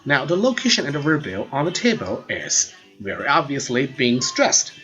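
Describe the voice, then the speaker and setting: Pitch swinging widely around a mid-range center, this male language teacher gives an earnest grammar explanation at a moderate pace, repeating words often. His tone is fairly bright; the recording sounds dull and lo-fi, with soft music in the background.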